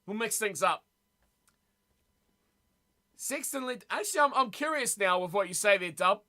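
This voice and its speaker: A man's voice: sits high, expressive, moderate pace, pushed and bright. A man hosting a casual live stream, chatting loosely and answering his viewers as he talks, often repeating words. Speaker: streamer reading live chat.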